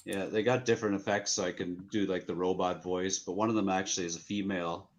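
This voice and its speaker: A man's voice: low-pitched, steady tone, fast talker. A man talking as a guest on a livestream, friendly and explaining his process at length. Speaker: guest stop-motion creator. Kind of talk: casual livestream chat.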